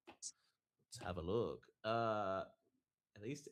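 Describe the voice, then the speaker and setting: A man's voice: fairly low pitch, expressive. A man appearing as a guest on a live show, chatting in a laid-back way about the voices he can do. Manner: unhurried, laid-back, muses aloud. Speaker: guest voice impressionist. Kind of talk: casual chat.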